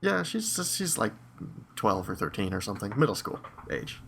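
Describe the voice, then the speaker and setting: A man plays a tabletop game in a relaxed, joking way. His voice is gravelly and moves lively up and down, with faint noise behind it. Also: lowish voice, moderate pace. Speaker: player. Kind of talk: casual tabletop play.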